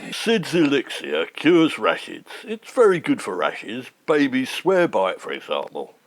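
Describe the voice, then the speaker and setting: A man voicing a roguish, gravelly chancer with a sly salesman's patter. The voice sits low and rough, with lively swings in pitch, in a comic audio sketch. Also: a little slow. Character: cackling roguish middle-aged con man, gravelly.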